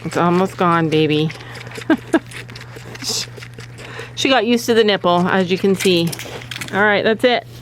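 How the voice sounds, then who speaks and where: A woman's voice: fairly low pitch, a little slow, pauses often, low-quality recording. Chatty woman vlogging outdoors. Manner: chatty, talks to her goats. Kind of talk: casual vlog talk to camera. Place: outdoors on a farm with goats. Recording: outdoor farm noise. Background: goats bleating.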